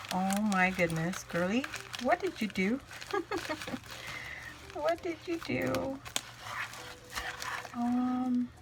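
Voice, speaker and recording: Slow-talking, gushing woman vlogger. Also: medium pitch, heavy background noise. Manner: gushing, exclaims often. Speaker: crafting vlogger. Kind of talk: casual unboxing chat.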